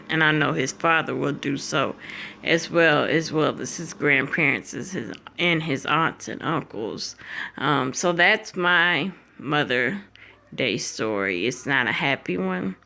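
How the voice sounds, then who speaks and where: A woman telling a painful personal story straight to her viewers, slow and heartfelt. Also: sits low, creaky, bright, forceful tone. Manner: tearful, fighting back tears. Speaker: vlogger.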